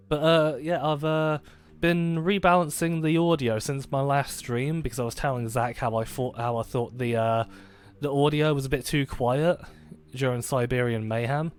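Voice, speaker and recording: A man's voice: medium pitch, fairly even intonation, a little slow, clean tone. A man chatting casually while live-streaming a game, rambling and joking at his own expense, with many fillers and restarts.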